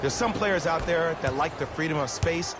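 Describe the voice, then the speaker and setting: A man's voice: on the high side, normal speed. A man giving opinionated, conversational color commentary over a basketball video game. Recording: game audio with loud background noise. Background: loud arena noise, ball bounces.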